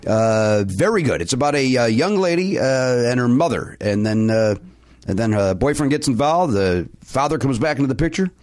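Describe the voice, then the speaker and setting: A man's voice: mid-range voice, animated, normal speed, darkish tone. A man co-hosting a podcast in casual chat, rambling and trailing off mid-sentence with a mock-exasperated edge. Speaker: podcast co-host.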